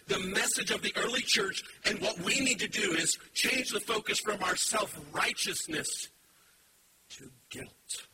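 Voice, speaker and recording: Animated high-voiced preaching man. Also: a little slow. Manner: emphatic preaching, swinging from quiet asides to shouting. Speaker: pastor. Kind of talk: sermon. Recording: steady background hiss.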